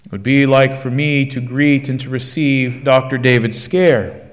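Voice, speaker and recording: A man's voice: mid-range voice, fairly even intonation, measured pace. A man preaching a sermon, building his points through rhetorical questions in a declaiming manner. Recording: long church reverb.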